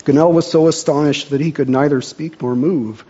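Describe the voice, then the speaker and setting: Mellow man narrating a storybook. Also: on the high side, steady tone, moderate pace, muffled recording.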